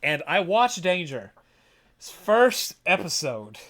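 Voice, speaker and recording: Animated male host, bright voice, rambling game recap. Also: sits high, slow pace. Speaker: podcast host. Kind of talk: casual game review chat.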